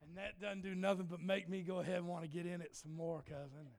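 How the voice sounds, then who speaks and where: High-voiced joking preacher man. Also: little pitch movement, fast talker, creaky. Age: middle-aged or older. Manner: folksy, joking, bursts into shouting. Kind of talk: sermon storytelling. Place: church in front of a congregation.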